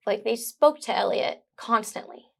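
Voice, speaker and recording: A young woman's voice with a slightly gravelly, fried texture. She is a guest in a conversational interview and speaks in a heartfelt, effusive way. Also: fairly high pitch, moderate pace. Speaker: guest, new mother.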